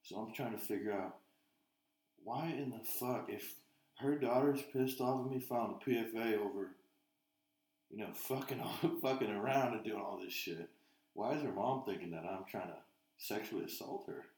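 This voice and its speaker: A man's voice: lowish voice, normal speed, darkish tone, roomy sound. A man on a podcast, telling rambling stories full of swearing in casual chat. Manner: profane, rambling storyteller. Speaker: podcast co-host.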